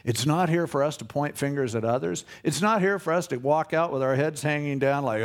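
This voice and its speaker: A man's voice: fairly high pitch, brisk, hardly any pauses. A man preaching a sermon as a pastor, conversational and earnest, with emphatic swells as he teaches.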